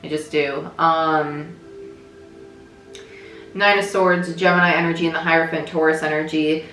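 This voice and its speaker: A woman's voice: deep voice, fairly even intonation, measured pace, a bit bright. A young adult woman giving a casual tarot reading, thinking aloud and often checking in with her listeners. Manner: chatty, thinks aloud, frequent "right?" check-ins. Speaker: tarot reader. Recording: echoey room with faint music.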